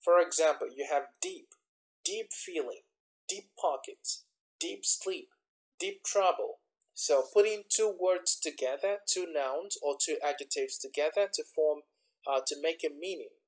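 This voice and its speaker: Guy tutor walking through exam tips, higher-ish voice, says example words over and over with stress. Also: poor audio. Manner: explains slowly, repeating example words with stress. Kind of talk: instructional lesson.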